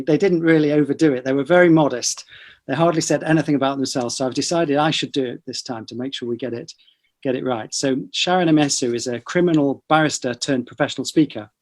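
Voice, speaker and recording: A middle-aged man hosts a relaxed science podcast, introducing his guests in a conversational way. His voice sits in an ordinary middle pitch, and he slips teasing asides into the formal introductions. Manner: chatty, light teasing asides. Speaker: podcast host, professor of neurology. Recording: online broadcast discussion.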